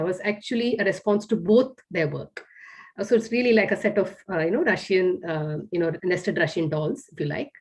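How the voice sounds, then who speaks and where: A middle-aged woman with a soft, breathy voice reads her own poems over a video call. She lingers on each line with measured care. Between poems her framing remarks come with hesitant fillers. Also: medium pitch. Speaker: poet reading her work. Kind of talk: online poetry reading.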